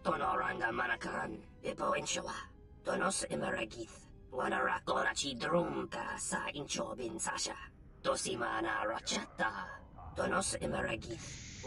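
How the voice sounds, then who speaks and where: An actor voicing a gruff alien merchant who speaks an alien language in a video game. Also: mid-range voice, moderate pace. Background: game music.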